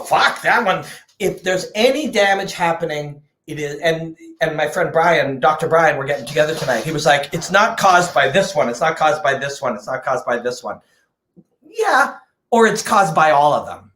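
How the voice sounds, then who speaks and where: A man's voice: on the high side, fairly bright tone. Passionate, swearing man in an echoey room. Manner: passionate, emphatic, swears freely. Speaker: combat sports analyst and host. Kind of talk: unscripted passionate rant to camera.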